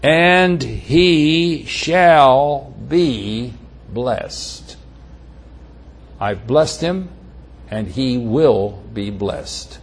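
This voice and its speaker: Preacher putting on an old father: low, hushed, firm, husky voice. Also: expressive, very slow, heavily acted. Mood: solemn.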